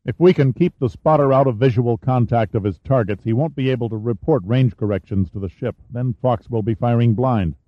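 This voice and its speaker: A man's voice: medium pitch, brisk, few pauses, no room sound, lightly acted. A man reading the part of a tense, bitter male general in an audiobook, in a clipped delivery, on a dull, muffled recording.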